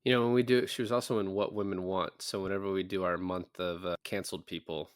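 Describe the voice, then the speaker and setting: A man's voice: low voice, steady tone, fast, clear, resonant tone, no room sound, studio quality. A man co-hosting a podcast, chatting casually about a movie in a rambling, joking way and acting out characters' lines. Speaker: podcast co-host. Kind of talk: casual movie review chat.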